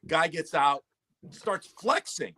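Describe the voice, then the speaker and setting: Guy telling a wild story, bright voice, really lively swings up and down. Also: on the high side, slow, a little hiss or hum. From Connecticut. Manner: animated storyteller, acts out shouting voices. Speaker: podcast host. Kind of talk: casual storytelling chat.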